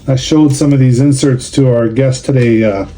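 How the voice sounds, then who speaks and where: A man's voice: mid-range voice, fairly even intonation, moderate pace, warm tone, a little hiss or hum. A middle-aged man, casually grumbling and sarcastic while opening trading cards for a vlog. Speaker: card collector and show organizer.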